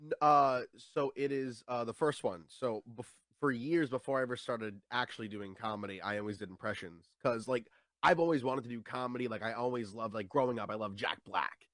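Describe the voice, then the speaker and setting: A man's voice: mid-range voice, fairly quick, fairly bright tone, no echo, studio quality. A young man, a stand-up comedian, chatting casually in an interview and often repeating words as he starts his sentences.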